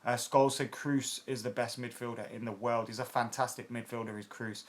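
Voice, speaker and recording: A man's voice: medium pitch, flat delivery, brisk. Man, late twenties, fan-channel host, casual comment Q&A, blunt, swears, lots of ums, mid-range voice. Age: 20s. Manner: chatty and blunt, many fillers, swears freely. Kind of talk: casual live chat answering viewer comments.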